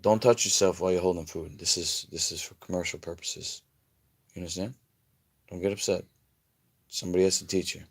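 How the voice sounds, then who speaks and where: A man's voice: deep voice, fairly even intonation, a little fast, pauses often, husky. A man hosting a casual live stream, bossily instructing someone step by step in a blunt, crude way. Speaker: livestream host.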